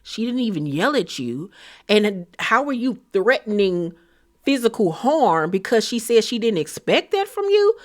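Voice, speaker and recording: A woman giving a blunt, profane, animated recap of a reality show in casual commentary. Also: fairly high pitch, unhurried.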